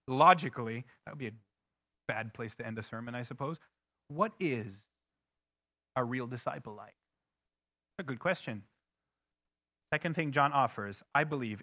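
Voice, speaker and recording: A man preaching a sermon as a pastor, swinging between soft, low asides and loud, emphatic questions. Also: no room sound. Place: church sanctuary.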